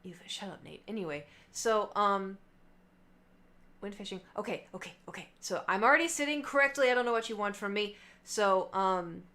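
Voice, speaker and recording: A woman's voice: mid-range voice, moderate pace, bright, forceful tone. A young adult woman livestreamer in casual chat with her viewers, telling a rambling story full of fillers and asides.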